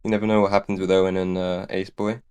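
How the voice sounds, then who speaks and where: A man talking calmly in a casual post-race interview as the race winner, understated. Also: sits low, fast talker, clean tone. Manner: calm, understated.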